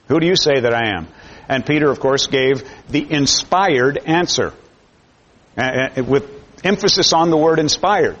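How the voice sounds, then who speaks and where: A man preaching a sermon to his congregation, emphatic, often repeating words as he builds each point. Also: fairly high pitch. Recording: dull lo-fi sermon recording.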